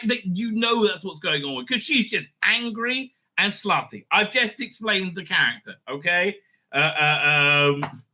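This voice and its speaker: A middle-aged man hosting a casual TV review, excitable and blunt, swearing freely, laughing often and trailing off mid-thought. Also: high-pitched. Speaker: show host reviewing TV episodes. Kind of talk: casual rambling review monologue.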